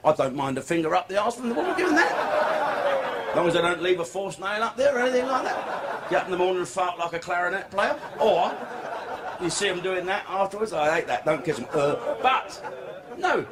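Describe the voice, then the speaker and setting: Male stand-up, crude and brash, high pitched, live club recording with audible noise. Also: big pitch swings, a little fast. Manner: crude, swearing, brash storytelling. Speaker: stand-up comedian. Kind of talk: stand-up comedy set. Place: comedy club stage before a laughing audience.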